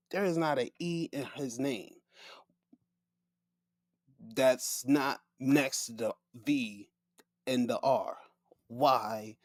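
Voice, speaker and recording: A man hosting casual solo sports talk, animated and laughing, full of slang and profanity. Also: medium pitch, dry recording, studio quality. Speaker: podcast host.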